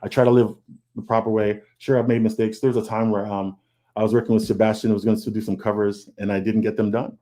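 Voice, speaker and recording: A man's voice: on the low side, level tone, fast, dark tone. A man on a video call panel, talking earnestly and candidly, often repeating words and quoting his own thoughts. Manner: earnest, confessional, repeats words, quotes himself. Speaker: comic artist guest.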